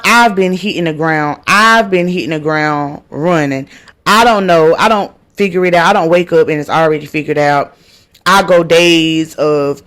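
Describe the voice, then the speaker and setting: A woman hosting a podcast, earnestly sharing her faith testimony, repeating phrases for emphasis and calling her listeners y'all. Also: fairly low pitch. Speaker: podcast host.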